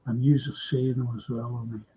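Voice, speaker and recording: A man's voice: medium pitch, flat delivery, fairly quick, dark tone, dull audio, slight background noise. A man with a Liverpool accent hosting a casual live stream, chatting and reading out viewer comments. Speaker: fan channel host.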